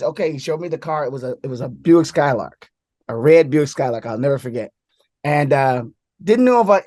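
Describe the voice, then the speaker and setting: A man's voice: a little high, darkish tone, no echo, studio quality. A man, a guest comedian, telling stories in casual chat and laughing along as he goes. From New York area.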